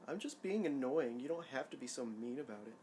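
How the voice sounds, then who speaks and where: A man's voice: medium pitch, lively intonation, brisk, dark tone, slight background noise. A man chatting casually while watching a film, tossing out trivia, jokes and exclamations. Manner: joking, exclamatory, trivia-sharing. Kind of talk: casual watch-along commentary.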